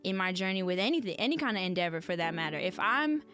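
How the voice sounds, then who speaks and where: A woman's voice: lowish voice, expressive, fast, a bit bright, soft background music. A woman hosting a podcast, talking earnestly and conversationally and often turning to address her listeners directly. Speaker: podcast host. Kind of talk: reflective solo podcast talk.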